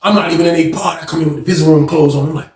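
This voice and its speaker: Brief: a man spinning a casual story, lively and slangy, slightly high voice. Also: very fast, reverberant, crowd noise. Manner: animated, slangy, swings into loud acted-out quotes.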